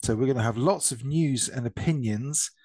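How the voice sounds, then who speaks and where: A man's voice: mid-range voice, moderate pace, warm tone, no echo. A man from England co-hosting a casual gaming podcast, jokey and prone to swearing, talking over a call. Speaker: podcast co-host. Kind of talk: casual banter. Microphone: remote call mic.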